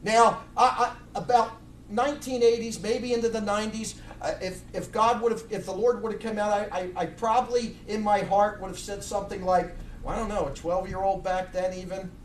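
Fiery pastor with a high voice in an echoey church. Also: male voice, steady tone, a little fast, slight background noise. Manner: blunt, fiery, many restarts. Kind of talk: sermon. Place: church sanctuary. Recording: echoey room, mic far off.

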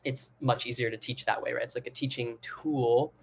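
Young guy vocal coach, mid-pitched voice, talks loose with lots of ums and likes. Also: moderate pace, gravelly, a little hiss or hum. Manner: relaxed, rambling explanations with many fillers, breaks into sung and head-voice demos. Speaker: singing teacher. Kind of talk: live online singing lesson.

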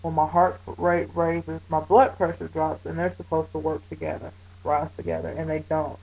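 A woman talking casually to her camera, chatty and animated, with many fillers as she retells her day. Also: low-pitched, moderate pace, gravelly, highs cut off, faint music behind. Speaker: vlogger.

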